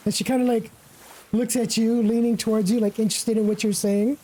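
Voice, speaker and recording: A woman narrating as game master of a tabletop game, relaxed and full of casual fillers. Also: medium pitch, fairly quick, low-quality recording. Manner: relaxed, with many fillers like "kinda" and "like".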